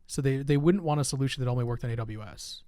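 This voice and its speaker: A man talking through software design with a partner on a live stream, thinking aloud in a casual, drawn-out way. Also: mid-range voice, clean tone, dry recording, studio quality.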